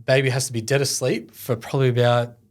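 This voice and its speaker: A man's voice: mid-range voice, flat delivery, quick pace. Emotional man telling his story. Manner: conversational, many fillers, chokes up at times. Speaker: guest, foundation founder.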